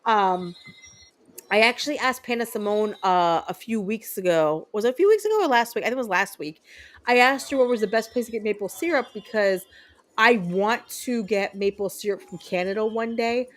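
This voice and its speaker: A woman's voice: medium pitch, lively intonation, fairly quick, low-quality recording. A woman streamer chatting casually with her viewers while playing a video game, upbeat and full of ums. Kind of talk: casual chat while gaming.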